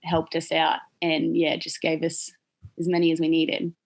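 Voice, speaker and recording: A young adult woman from Australia with an Australian accent, chatting as a podcast guest, laughing often and telling animated stories. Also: low-pitched, moderate pace, vocal fry. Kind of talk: casual chat.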